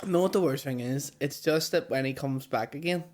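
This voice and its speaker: A man's voice: mid-range voice, fairly quick, darkish tone, a little hiss or hum. A man with a Northern Irish accent on a podcast, telling a rambling, sweary story and laughing along with it. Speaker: podcast guest. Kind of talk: casual podcast chat.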